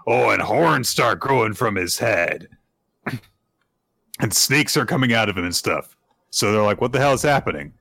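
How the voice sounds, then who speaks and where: Guy retelling a manga chapter on a podcast, kinda low voice, lots of uh's and acted-out quotes. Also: measured pace, gravelly, long pauses, slightly rough, no echo. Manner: animated storytelling, acts out character quotes, many "uh"s. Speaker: podcast co-host recapping manga. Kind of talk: casual chat, retelling a chapter.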